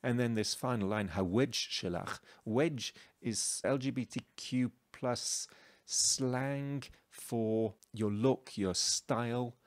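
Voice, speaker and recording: A man's voice: medium pitch, takes it slowly, dry recording. A man explaining a song's cultural references in a chatty, explanatory lesson style. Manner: chatty, explanatory, with asides like "okay?" and "shall we say". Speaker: educator explaining a song.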